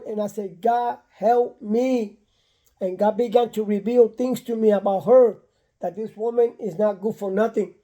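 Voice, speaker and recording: An older man from Puerto Rico telling a personal story in a blunt, animated way, repeating himself and acting out what people said. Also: high voice, dull audio.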